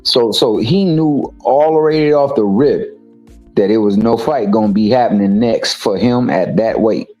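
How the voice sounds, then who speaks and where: Man, low voice, emphatic casual sports talk, faint music under it. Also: measured pace, warm tone, low-quality recording. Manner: emphatic, repeats words. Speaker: co-host. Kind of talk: casual boxing chat.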